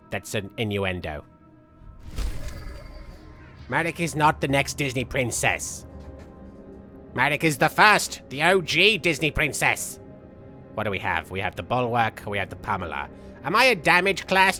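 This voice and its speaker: A man's voice: medium pitch, sing-song, a little slow, pauses often, bright, forceful tone, exaggerated voice. A man streaming a game in the persona of a vain, theatrical cartoon villain, reading chat aloud and joking. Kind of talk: live game stream chat with in-character banter. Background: faint game music.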